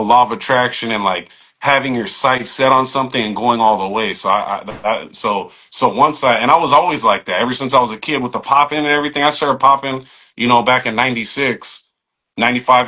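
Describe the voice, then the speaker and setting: A barber from San Jose, California, appears as a podcast guest, telling stories in a casual conversation. His mid-range voice is bright, and he's animated and profane, acting out quoted speech and using lots of fillers like "you know what I mean".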